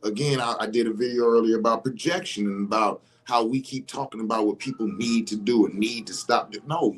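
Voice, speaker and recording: A man talking in a casual livestream monologue, animated and emphatic, swearing freely. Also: medium pitch. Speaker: vlogger.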